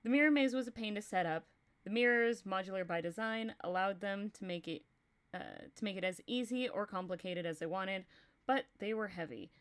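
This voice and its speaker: A young woman reading a horror story aloud on a livestream, steady in the reading and chatty between passages. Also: medium pitch, a little fast. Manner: reads steadily, breaks into laughter and chat between passages.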